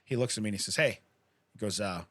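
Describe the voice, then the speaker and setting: A middle-aged man co-hosts a podcast, his voice on the low side, fast, and fairly bright, with no room sound. In casual chat he tells a rambling story, laughing often and acting out what people said.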